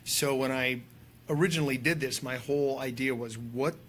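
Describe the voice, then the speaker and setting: A man's voice: mid-range voice, moderate pace, a bit bright, a little hiss or hum. A man, a filmmaker and drone pilot, chatting as a guest in an enthusiastic, rambling way. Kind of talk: casual podcast conversation.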